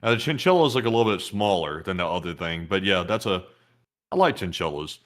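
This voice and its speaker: A man on a casual livestream who thanks viewers and reads out their messages. His pitch rises and falls a lot, and he jokes easily with his co-host. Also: expressive, brisk, fairly bright tone. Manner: upbeat thank-you readouts, playful. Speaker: co-host reading super chats.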